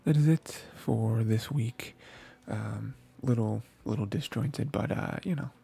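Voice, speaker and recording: A male anime podcaster recaps episodes in a meandering, informal way, full of fillers and restarts. He speaks a little slowly in a mid-range voice that is dark, gravelly and husky.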